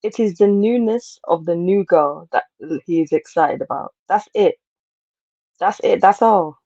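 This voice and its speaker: A woman's voice: lowish voice, unhurried, warm tone, no room sound. An emphatic woman co-hosting a podcast, hammering her points home and saying them twice. Her voice comes through dull and muffled, in a dry, close space. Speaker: podcast co-host. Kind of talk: casual chat.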